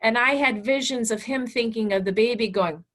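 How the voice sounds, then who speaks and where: A woman teacher telling a class story in an animated, blunt and candid way. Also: on the high side, normal speed. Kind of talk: storytelling lecture.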